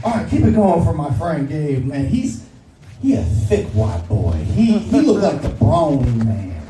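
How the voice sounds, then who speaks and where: A brash woman hosting a comedy show teases her guest out loud, as a man imitates her. The voice lifts higher than plain talk. It is heard from a distance with a roomy echo. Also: sing-song, a little slow, noisy background. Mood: teasing. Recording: roomy club sound from a distance.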